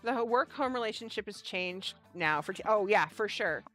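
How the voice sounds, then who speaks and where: A woman from the Pacific Northwest hosting a casual livestream for a small yarn shop, animated, swearing freely and often restarting her sentences. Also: mid-range voice, moderate pace, soft background music. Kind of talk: casual livestream chat with a staged phone-call skit.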